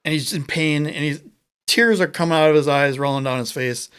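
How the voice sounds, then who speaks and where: A man with a somewhat higher voice tells a long joke on a casual podcast. He acts out the characters' lines with lively, animated storytelling. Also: brisk, clear, resonant tone. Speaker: podcast co-host. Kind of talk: casual chat, telling a joke.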